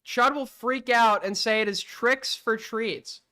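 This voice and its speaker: Man, streamer host, bright tense voice, blunt, rhetorical, profane. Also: very high voice, slow, smooth. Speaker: streamer host taking call-ins. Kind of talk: casual livestream commentary.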